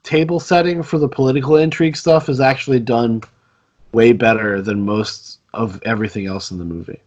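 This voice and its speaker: A man co-hosting a casual movie podcast, talking in a measured, hedging, analytical way. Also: mid-range voice, fairly even intonation, a little mellow. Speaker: podcast co-host. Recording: dull lo-fi mic.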